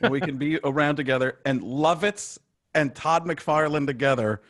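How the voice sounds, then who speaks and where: Casting: slightly high-voiced male host, enthusiastic and giggly, on a video call. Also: moderate pace, a bit bright. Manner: laughs often, enthusiastic. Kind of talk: casual chat.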